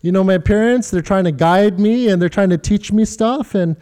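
A man's voice: high-pitched, moderate pace, few pauses, smooth. A middle-aged man preaching a sermon, telling stories with animation and asking the congregation questions. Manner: animated storytelling, quoting others in funny voices, talks directly to the congregation. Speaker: pastor.

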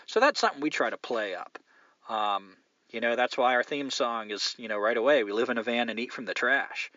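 A man's voice: medium pitch, pushed and bright, no room sound. Blunt, profane male podcast host. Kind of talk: casual solo podcast rant. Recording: dull lo-fi dry sound.

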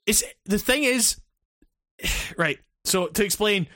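High-voiced rambling podcast host. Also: male voice, lively intonation, slow pace, sharp tone, dry recording, clean studio sound. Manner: rambling, swears often, laughs a lot. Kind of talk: casual podcast chat. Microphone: remote call.

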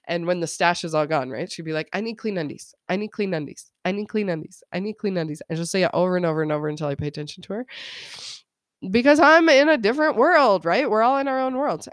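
A woman's voice: lowish voice, no room sound, studio quality. A woman in her thirties hosting a casual solo podcast about parenting, chatty, laughing often and quoting her kids. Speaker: podcast host.

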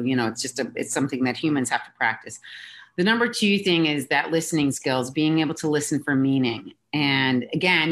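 A woman's voice: low voice, a bit bright. A woman executive coach being interviewed, explaining her points emphatically and acting out little examples. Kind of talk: conversational interview.

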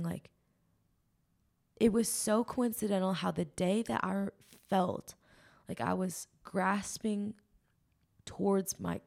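A woman with a fairly low voice and a gravelly, creaky edge shares a personal faith testimony as a podcast guest. She talks in an earnest, emotional way, rambling through ums and likes as she goes. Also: darkish tone.

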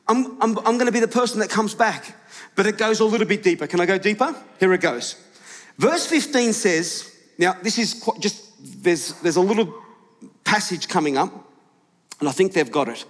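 A male pastor preaching a lively sermon to his congregation, questioning the room and shouting at its peaks. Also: high voice, moderate pace, some chatter behind. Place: large church hall with congregation. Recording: live church hall with long reverb.

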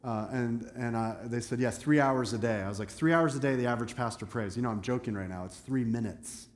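A man preaching a sermon as pastor, animated, acting out quoted voices and dropping self-deprecating asides. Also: mid-range voice, brisk. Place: church sanctuary. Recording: echoey church hall.

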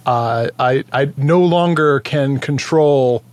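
A man's voice: mid-range voice, slow, darkish tone. A man co-hosting a podcast in casual chat, talking bluntly. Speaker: podcast co-host.

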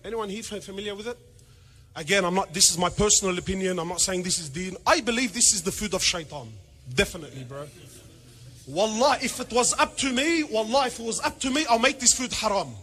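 A man preaching a sermon, animated and joking, firing rhetorical questions and mixing in Arabic phrases. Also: sits high, fast, soft background music. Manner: peppers speech with Arabic phrases. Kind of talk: sermon to a congregation.

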